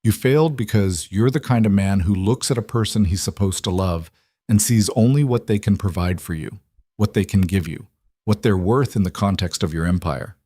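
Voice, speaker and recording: A man's voice: fairly low pitch, normal speed, mellow, dry recording, studio quality, lightly acted. A man voicing a defiant pregnant young wife, cutting and bitter, in an audiobook reading.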